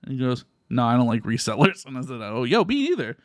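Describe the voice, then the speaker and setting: A man's voice: medium pitch, wildly swooping pitch, fast talker, no room sound, studio quality. A man from Texas co-hosting a podcast, telling a story in casual chat, swearing freely and acting out quoted voices. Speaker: podcast co-host.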